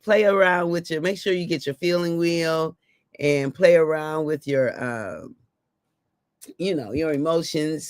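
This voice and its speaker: A woman's voice: low-pitched, no echo, studio quality. A woman hosting a morning live stream, giving a motivational talk to her viewers, emphatic and affectionate, repeating her key phrases.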